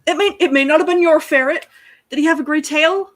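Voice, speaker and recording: A woman's voice: high voice, a little fast, fairly bright tone, no echo, clean studio sound, pitched above the performer's own voice. A woman voicing a tactless male creature who awkwardly blurts out bad news. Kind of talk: storytelling with character voices.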